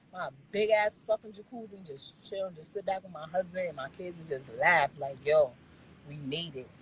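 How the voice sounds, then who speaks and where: A woman's voice: medium pitch, husky, poor audio. A woman on a live stream scolding her viewers in a blunt, profane rant, repeating phrases for emphasis. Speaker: livestreamer talking to viewers.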